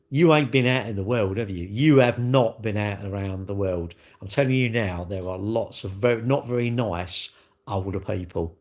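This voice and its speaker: A man, chatting casually to viewers as a livestream host, rambling and repeating himself in a blunt, chatty way. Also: on the low side. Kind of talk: casual chat to live viewers.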